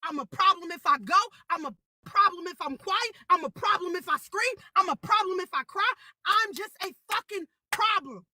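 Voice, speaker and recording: A young woman venting angrily on a live stream, heated and profane, repeating herself and shouting at times. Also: very high-pitched, lively intonation, moderate pace, few pauses, no room sound, clean studio sound.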